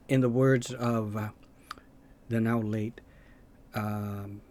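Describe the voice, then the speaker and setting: A man's voice: fairly low pitch, fairly even intonation, very slow, a little mellow, slight background noise. A man making gaming videos, ranting casually and rambling, with lots of hesitations and restarts.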